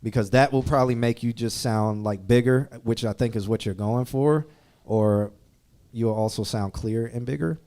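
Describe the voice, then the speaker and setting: A man's voice: medium pitch, normal speed, mellow. A man hosting a live music-review stream, giving mixing feedback in a casual, thinking-aloud way. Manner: conversational, thinking aloud, trails off. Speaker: host reviewing music submissions.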